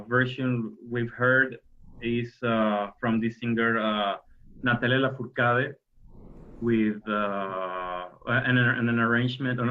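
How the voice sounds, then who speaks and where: A man, a musician guest talking hesitantly in an interview, full of fillers and restarts. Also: mid-range voice. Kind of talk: explaining interview talk. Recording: dull lo-fi audio.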